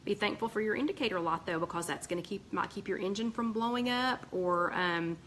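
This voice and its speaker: On a poor recording with slight hiss or hum, a Southern American woman of medium pitch talks fairly quickly while hosting a weight-loss group's live stream. She reads viewer comments in a chatty, slightly tired way, adding warm asides and plenty of ums and restarts.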